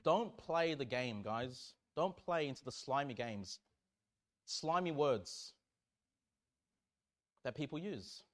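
A man preaching a sermon, swinging between loud fervent emphasis and quiet asides. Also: mid-range voice, animated, slow, pauses often. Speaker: pastor.

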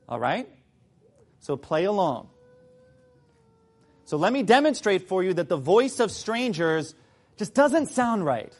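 Male preacher, high and lively, sarcastic in places, mock-British when reading. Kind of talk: sermon.

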